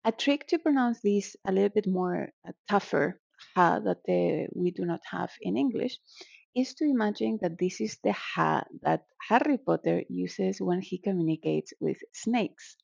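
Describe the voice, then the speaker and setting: Gravelly-voiced woman teaching sounds playfully. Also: mid-range voice, moderate pace, darkish tone, no room sound, muffled recording. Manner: playful, exaggerates sounds for effect. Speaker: Arabic teacher. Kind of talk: casual language lesson.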